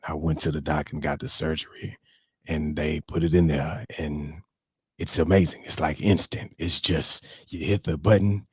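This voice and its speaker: A man putting on a deep, slow voice for a friend boasting about a surgery. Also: fairly even intonation, breathy edge, no room sound, clean studio sound, heavily acted. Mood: boastful.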